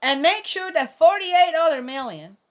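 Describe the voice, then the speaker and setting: A woman's voice: very high voice, animated, normal speed, fairly bright tone. A middle-aged woman giving casual, indignant commentary on a Bible reading, rambling and speaking straight to her viewers.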